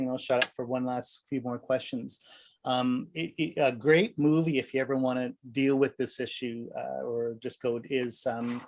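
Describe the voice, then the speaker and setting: A man's voice: creaky, darkish tone. A man leading a meditation class, talking in a loose, conversational way, often asking "right?" and acting out little voices. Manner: rambling, conversational, full of rhetorical "right?"; acts out voices with sudden high pitch jumps. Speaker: meditation teacher. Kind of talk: casual dharma class talk.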